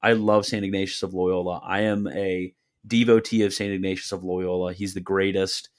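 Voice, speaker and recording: A young man hosting a livestream, casually answering chat questions with offhand, deadpan replies and quick jokes. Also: sits low, clear, resonant tone.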